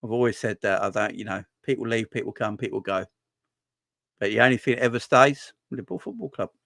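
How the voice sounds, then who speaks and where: A man's voice: lowish voice, fast, creaky, a bit bright, dry recording, studio quality. A man hosting a casual football fan livestream, chatty and joking, often restarting his sentences. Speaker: fan channel host. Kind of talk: casual live stream chat.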